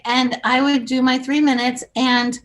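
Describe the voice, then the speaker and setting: High-voiced older woman telling stories. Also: flat delivery, measured pace, fairly bright tone. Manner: rambling anecdotes, acting out quoted voices. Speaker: guest, comedic actress. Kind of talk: casual storytelling interview.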